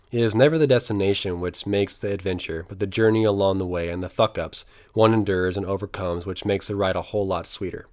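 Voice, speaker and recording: A young man reading his own travel memoir aloud in an earnest, reflective storytelling manner. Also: fairly low pitch. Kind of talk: memoir narration read aloud.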